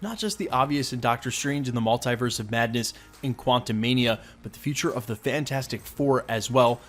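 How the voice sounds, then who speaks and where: A man's voice: medium pitch, fairly quick, faint music behind. Enthusiastic man hosting a recap. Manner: explanatory, walks through details point by point. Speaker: host. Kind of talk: fan recap and breakdown video.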